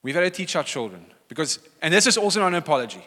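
A man's voice: fairly high pitch, very animated, racing, pushed and bright. A middle-aged male pastor preaching a sermon, emphatic and repeating key phrases for weight. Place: church hall. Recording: church hall reverb.

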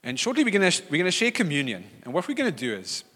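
A man's voice: fairly high pitch, huge pitch swings, very fast, pushed and bright. A middle-aged male pastor preaching a sermon, emphatic and repeating key phrases for weight. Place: church hall. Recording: church hall reverb.

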